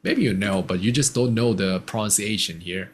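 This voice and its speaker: A man's voice: on the low side, normal speed, slightly rough. A man teaching a casual one-on-one English lesson, patiently explaining simple words.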